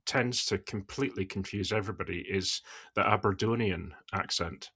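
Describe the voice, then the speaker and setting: A man's voice: deep voice, normal speed, bright, forceful tone, breathy edge. A man with a mild Scottish accent co-hosting a podcast, chatting casually and explaining things with small hesitations. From Scotland. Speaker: podcast co-host, cybersecurity analyst.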